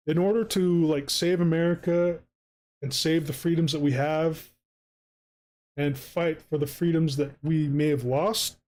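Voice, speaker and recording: A man streaming while he draws, ranting heatedly with heavy swearing and a mock campaign pitch. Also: darkish tone. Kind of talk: angry profane rant while drawing on stream.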